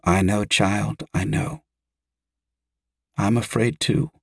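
A man voicing a middle-aged noble mother in an audiobook, speaking softly and gently. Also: low voice, measured pace, no room sound, studio quality. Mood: comforting. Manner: soft and hushed.

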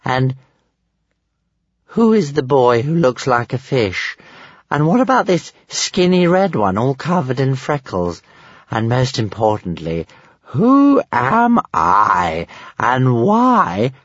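A man's voice: mid-range voice, big pitch swings, a little slow, few pauses, a bit bright, breathy edge, no room sound, pitched above the performer's own voice, heavily acted. A man voicing a confused female dragon who asks bewildered, plaintive questions, in a slightly muffled dry recording.

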